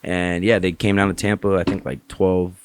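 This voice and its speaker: A man's voice: deep voice, normal speed, a little hiss or hum. A man, a podcast guest, telling a casual story with lots of swearing and acted-out voices. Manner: animated, swearing freely, acts out other people. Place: Tampa area.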